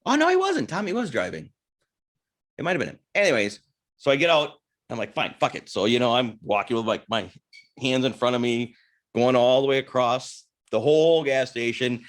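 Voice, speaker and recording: A mid-range male voice at normal speed belongs to a podcast co-host in a casual storytelling chat. His anecdote is crude and meandering, with many restarts as he keeps interrupting himself.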